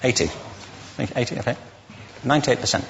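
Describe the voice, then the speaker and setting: A man's voice: mid-range voice, lively intonation, a little fast, big-room sound, a little hiss or hum. A man giving a witty, conversational lecture to a live audience, asking the listeners questions as he goes. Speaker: public speaker.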